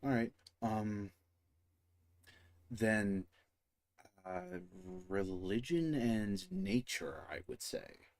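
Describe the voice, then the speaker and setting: A man running a tabletop game as dungeon master, narrating in a halting way with frequent pauses and restarts. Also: fairly low pitch, very animated, creaky, a little mellow. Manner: halting, slow, many fillers and restarts.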